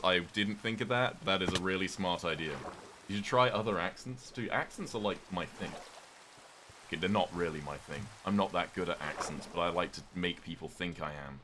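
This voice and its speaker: A man's voice: deep voice, background noise. A young British man streaming a game, rambling casually and chatting with viewers as he plays. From Britain. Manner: rambling, chatty, reads and thanks chat. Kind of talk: casual livestream chat while gaming.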